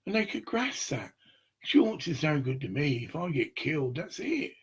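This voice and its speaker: Man, gravelly and husky, rambling and swearing in a pitch-swinging monologue. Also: sing-song, normal speed. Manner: rambling, profane, acts out little scenes.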